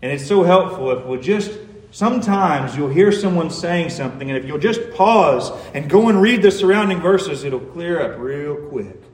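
A man's voice: a little high, lively intonation, normal speed, a little mellow. Earnest preacher man in a roomy echo. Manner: earnest, pleading, builds to emphatic points. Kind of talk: sermon.

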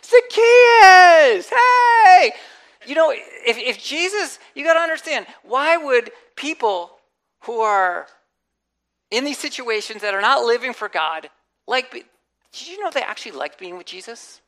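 Lively, animated woman preaching a sermon. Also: a little high, moderate pace. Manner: animated, acts out quotes and inner voices; conversational preaching with asides and jokes. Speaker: pastor.

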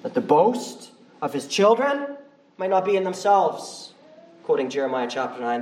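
A male pastor preaching a sermon in a church, conversational and animated. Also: a little high, moderate pace, slight background noise. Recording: roomy, from far off the mic.

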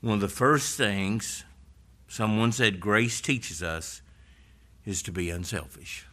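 A man's voice: fairly low pitch, slow, pushed and bright. A man preaching a sermon in an earnest, conversational way, retelling scripture stories.

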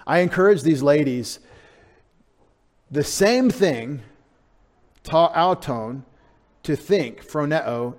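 A male pastor preaching a sermon, animated and conversational, swinging from loud emphasis to quiet asides, sounding out Greek words and dropping in joking remarks. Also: mid-range voice.

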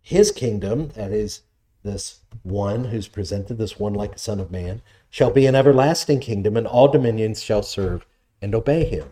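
A man's voice: fairly low pitch, normal speed, warm tone. A man preaching a sermon, reading scripture aloud and explaining it in an earnest, emphatic way.

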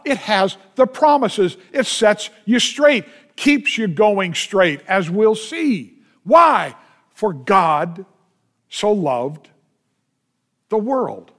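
A man with a high voice preaches slowly and deliberately. He leans on repeated refrains and asks his listeners rhetorical questions, pressing each point home. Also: lively intonation. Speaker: pastor. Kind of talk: sermon.

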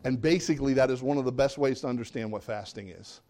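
A man preaching a sermon as a pastor, conversational and animated, often questioning the audience and acting out what people say. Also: mid-range voice, fast. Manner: animated, acts out quoted voices.

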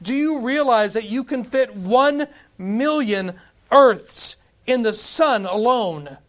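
A man's voice: extremely high pitch, animated, slow, a bit bright. A man preaching a sermon with fervent, repetitive emphasis. He restarts his phrases and calls out to the congregation for responses. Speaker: pastor.

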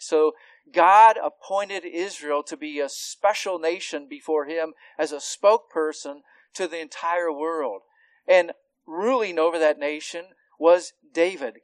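A man preaching an expository sermon, teaching earnestly with rhetorical questions and frequent restarts, his voice swelling on key points and dropping to quiet asides. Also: on the high side, dry recording, rough recording. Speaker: pastor.

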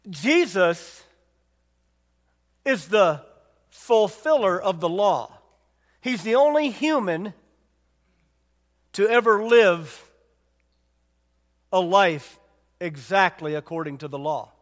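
A man's voice: sits high, expressive, slow pace, pauses often, long reverb tail. A man preaching a sermon in a conversational way, retelling a Bible story and asking his listeners questions. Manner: conversational, asks the congregation questions.

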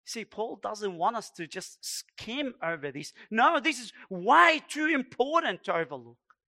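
Man, pastor, sermon, high bright voice, slow deliberate emphatic delivery. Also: sing-song. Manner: pleading, emphatic preaching with slow drawn-out stresses.

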